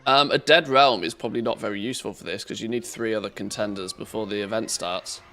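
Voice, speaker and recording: A man's voice: lowish voice, fast, bright, forceful tone, soft background music. A man chatting loosely and joking as he streams a game, swearing now and then. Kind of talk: casual live-stream commentary.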